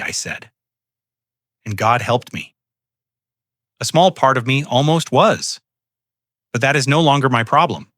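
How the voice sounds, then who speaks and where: Man, story narrator, calm, measured, forceful tone, dry close sound. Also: mid-range voice, dry recording. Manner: calm, measured, coldly deliberate. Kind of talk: first-person story narration.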